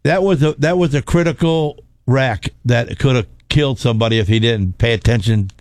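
Male storyteller, animated and folksy, dry close sound. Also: medium pitch, normal speed, no room sound. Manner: animated, repetitive, folksy, laughs often. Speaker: race car driver telling a story. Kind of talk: casual storytelling chat.

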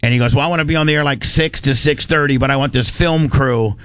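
A man hosting a radio talk show, telling a story in an animated, ranting way with frequent restarts. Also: medium pitch, fast, dry recording.

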